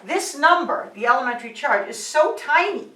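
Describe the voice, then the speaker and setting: A woman teaching high school physics who often checks in with "all right" and "okay" and counts digits aloud. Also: sing-song, normal speed, pushed and bright. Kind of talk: classroom lecture at a board. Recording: roomy sound, mic set at a distance.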